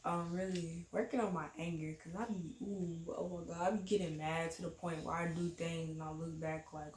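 A woman's voice: fairly low pitch, level tone, normal speed, few pauses, darkish tone, roomy sound, slight background noise. A teenage girl with a Southern US accent talking bluntly in a casual family vlog. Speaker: daughter.

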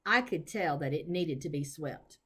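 Woman, children's book read aloud, lively storytelling voice, swoops up and down. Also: sits low, moderate pace, husky. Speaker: reader. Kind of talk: reading a children's novel aloud.

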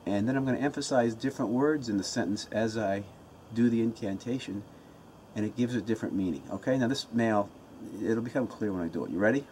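A man's voice: on the low side, quick pace, darkish tone, a little hiss or hum. Earnest pumped-up man vlogging at home. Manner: earnest and pumped up, with restarts and repeats. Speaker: motivational vlogger. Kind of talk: casual self-help talk to camera.

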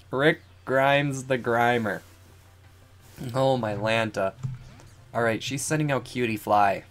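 Chatty, giggly young streamer. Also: medium pitch. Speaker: let's play streamer. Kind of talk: casual game commentary.

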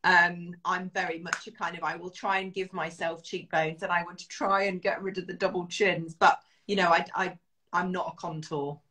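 Low-voiced enthusiastic British woman. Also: flat delivery, moderate pace, bright, forceful tone. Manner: enthusiastic and self-deprecating, laughs often. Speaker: guest. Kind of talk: casual interview chat.

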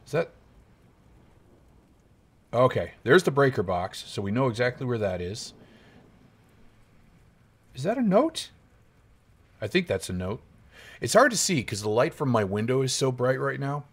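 Young male let's-player, husky, jittery, lively swings in pitch, talks to himself constantly. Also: unhurried, long pauses. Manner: jumpy, nervous, talks to himself, yelps when startled. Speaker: gaming YouTuber. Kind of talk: horror game let's play commentary.

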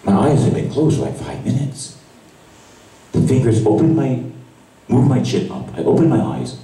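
A man, a priest, giving an emotional sermon that drops to a hush and rises to cries. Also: medium pitch, very animated, moderate pace. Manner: emotional testimony, voice swinging from hushed to cries. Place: large church at a retreat Mass. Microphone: far camera recording. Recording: echoey church from far off.

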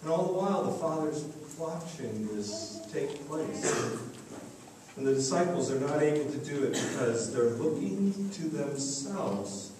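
A man's voice: a little high, lively intonation, measured pace, dark tone. A man preaching a sermon as pastor, telling a story and acting out the voices in it. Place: church sanctuary. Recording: echoey church, distant mic, faint noise.

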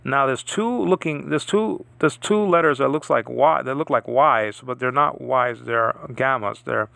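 A man's voice: mid-range voice, unhurried, vocal fry, pushed and bright, no room sound. A man giving an informal lesson on reading New Testament Greek, often restarting and repeating words to drill pronunciation. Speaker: Bible Greek teacher.

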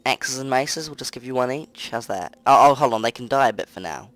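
A young man giving let's play commentary over a close mic, muttering to himself and breaking into loud, excitable outbursts. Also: medium pitch, a little fast, dry recording. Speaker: gaming commentator. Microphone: close desk mic.

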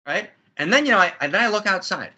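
A man's voice: high-pitched, expressive, quick pace, pushed and bright, husky. A man speaking as an interview guest in a spiritual conversation, effusive and building to soaring emphatic peaks, talking from a friend's house.

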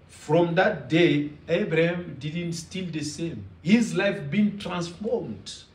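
A man delivers a sermon slowly in a high, lively voice, leaning on emphatic, repeated phrases. He stands well back from the microphone in an echoey room, so the sound is roomy and distant.

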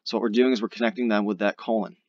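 A man's voice: on the low side, fairly even intonation, rapid-fire, a little mellow, dry recording, dull audio. A young adult man tutoring SAT grammar in a casual, explanatory screen-recorded lesson. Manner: casual, explanatory, uses fillers like "all right".

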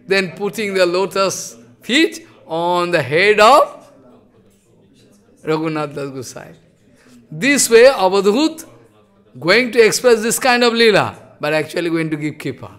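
A preacher tells a devotional story in short, broken phrases. His voice is high and bright, with smooth clarity. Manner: animated, broken phrasing with frequent restarts. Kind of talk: sermon storytelling.

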